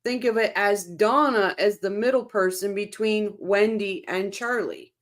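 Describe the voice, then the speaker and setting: Speaking a little slowly in a medium-pitched voice, a woman runs a casual true-crime livestream. She reads viewers' comments aloud and reacts to them in a chatty way.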